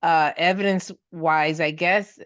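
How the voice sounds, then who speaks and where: A woman, a guest on a podcast, speaking hesitantly with many fillers, warming into enthusiasm. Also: lowish voice, steady tone, unhurried, no room sound. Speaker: guest paranormal investigator. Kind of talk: casual podcast chat. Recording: muffled lo-fi audio.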